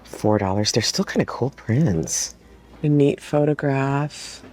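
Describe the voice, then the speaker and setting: Speaking slowly in an extremely low voice, this vintage home decor reseller gushes excitedly through her casual thrifting vlog, frequently lowering to a whisper. She films on a handheld phone while inside a thrift store.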